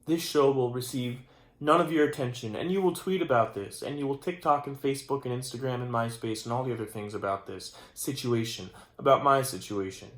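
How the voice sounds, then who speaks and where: A young man talks to his camera late at night, half-awake and rambling. His mock-serious rant keeps losing its thread and restarting. His voice sits at an ordinary pitch, and the room gives it a noticeable echo. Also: brisk, fairly bright tone. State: sleepy and tired late at night. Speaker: channel host. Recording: roomy echo.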